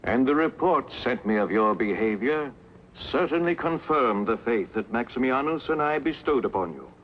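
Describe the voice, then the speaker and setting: An actor plays a gracious Roman emperor with a mid-pitched voice who speaks formally and ceremoniously. The film audio is dull. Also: male voice, animated, normal speed, close to an everyday voice. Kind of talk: 1960s film dub.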